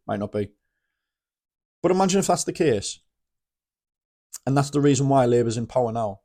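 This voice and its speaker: A man's voice: medium pitch, warm tone. A British man talking to camera in a casual opinion vlog, rambling and blunt, often restarting his sentences and swearing freely. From Britain. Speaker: vlogger.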